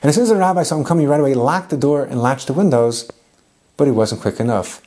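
A man teaching a Torah lesson as a lively, humorous story. He weaves in Hebrew and Yiddish terms. His voice is mellow and warm. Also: medium pitch, quick pace. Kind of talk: animated biblical storytelling lesson.

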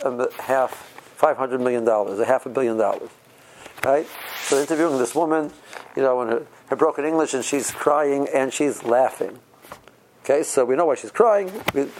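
A man's voice: medium pitch, a little mellow, slight background noise, poor audio. A man teaching an informal Torah lecture, conversational and full of rhetorical questions, with Hebrew terms mixed in. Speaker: rabbi teaching Torah class.

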